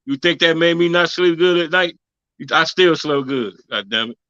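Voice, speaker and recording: A man's voice: on the high side, moderate pace, bright, forceful tone, smooth, dry recording, muffled recording. Laid-back, teasing podcast co-host man. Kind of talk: casual chat.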